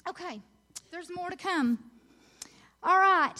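A middle-aged woman preaching at a women's conference, earnest and encouraging, swelling into excited emphasis when she reads scripture. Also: very high voice, moderate pace. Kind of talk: sermon.

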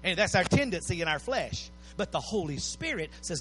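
High, bright-voiced preacher. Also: male voice, big pitch swings, normal speed, soft background music. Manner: impassioned, rising to shouts, with repeated pleading phrases. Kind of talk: sermon.

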